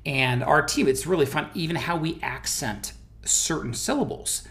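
An American man hosting a business interview, animated and full of restarts, leaning hard on stressed words. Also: on the high side, moderate pace. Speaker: business owner and host. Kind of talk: conversational interview.

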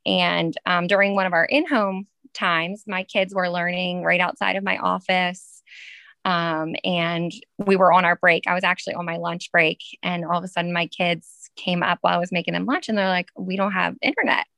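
A woman in her thirties with a bright voice and dry, close sound, telling her story as an interview guest. She chats loosely, with plenty of "um" and "like". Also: on the low side, little pitch movement, moderate pace, vocal fry, no room sound. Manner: chatty, many fillers, laughs while telling. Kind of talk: casual storytelling.

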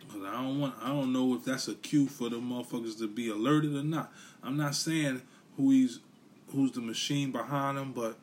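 Blunt, profane New podcast host. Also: male voice, medium pitch, a little hiss or hum. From New York City. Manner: blunt, profane, repetitive ranting. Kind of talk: casual solo commentary.

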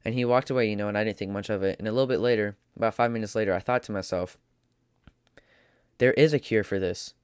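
A man's voice: on the low side, fast, clean tone, dry recording, studio quality. A man delivering an opinion monologue as a podcast host, emphatic and preachy, hammering points through repetition.

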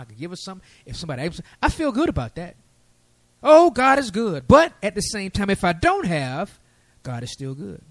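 A man preaching a sermon, lively and folksy with casual asides. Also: high-pitched, dry recording.

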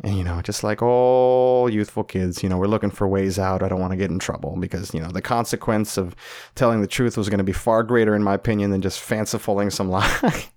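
A young adult man from Florida telling a comic story, animated and profane, laughing often. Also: fairly low pitch, brisk. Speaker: comedian. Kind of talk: comedic storytelling.

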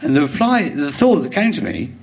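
A middle-aged man with a London accent, a comedian guest telling a rambling anecdote on stage before a live audience, with halting restarts, chuckling as he goes. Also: fairly high pitch, big pitch swings, vocal fry. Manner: rambling storyteller, halting restarts, chuckles through his stories.

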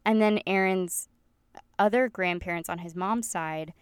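A woman's voice: fairly low pitch, unhurried, clean tone, no room sound. A woman with a Southern American accent co-hosting a podcast, chatting in a gushing, friendly way and reading listener emails aloud. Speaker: podcast co-host. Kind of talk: casual chat.

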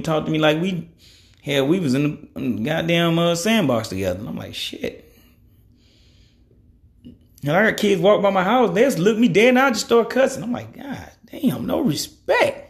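A man's voice: a little high, creaky. A man in his thirties giving his opinions in a blunt, conversational monologue, cussing freely and leaning on "you know.". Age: 30s. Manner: frequent "you know" fillers. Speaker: podcast host.

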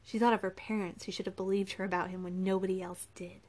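A woman narrating a novel in a steady, measured way. Her voice sits at an ordinary middle pitch and keeps an unhurried storytelling pace. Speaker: audiobook narrator. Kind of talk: scripted narration.

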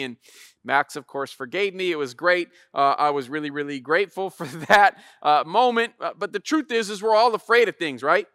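A man, a pastor in his thirties, telling a casual, animated sermon story and acting out voices. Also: on the high side, normal speed, clean tone, no room sound, studio quality.

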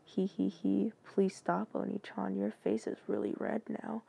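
Clingy anime girl, read flat by a woman. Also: medium pitch, creaky, breathy edge, full character voice. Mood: flat monotone. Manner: read in a deliberate monotone.

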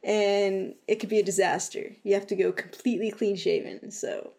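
A woman co-hosts a casual gaming podcast, joking along with dry, teasing remarks. Her voice sits at an ordinary pitch for a woman, and she talks in a relaxed, chatty way. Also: normal speed, gravelly. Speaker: podcast co-host. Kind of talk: casual chat.

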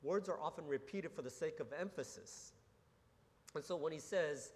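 Pastor preaching in a reverberant hall. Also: male voice, fairly high pitch, normal speed. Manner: earnest teaching tone with frequent restarts and rhetorical questions. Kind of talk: sermon.

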